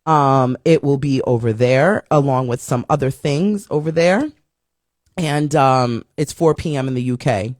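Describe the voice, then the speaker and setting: A woman's voice: a bass voice, moderate pace, no room sound, clean studio sound. A woman hosting a casual live-stream show, chatting upbeat and reading viewer comments aloud. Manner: upbeat, lively greetings.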